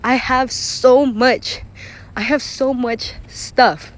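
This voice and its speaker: A young woman with a slightly high voice pours out her thoughts in a raw, unscripted monologue. She rambles, fills gaps with "like," swears freely, and breaks off into sighs and small nervous laughs. She sounds emotional and close to tears. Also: fairly even intonation, very slow. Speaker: vlogger.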